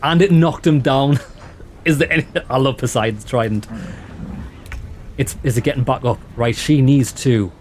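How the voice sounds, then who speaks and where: A man's voice: mid-range voice, moderate pace, long pauses, slight background noise. Chatty man commentating a game. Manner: chatty, excitable, addresses viewers as lads. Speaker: let's play host. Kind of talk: casual gameplay commentary.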